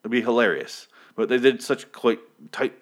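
A man's voice: mid-range voice, normal speed. A man giving a casual, rambling TV episode recap, sardonic and swearing freely, now and then acting out characters with short outbursts.

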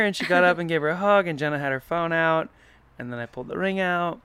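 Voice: medium pitch, fast talker, fairly bright tone, smooth, no room sound. A podcast co-host reminiscing with their partner in a loose, rambling way, full of fillers and playful teasing. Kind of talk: casual chat, reminiscing with partner.

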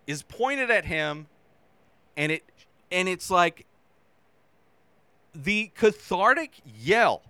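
A man hosting a casual movie review show, talking animatedly and acting out his own reactions with sudden shouts. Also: high-pitched, clear, resonant tone, no room sound.

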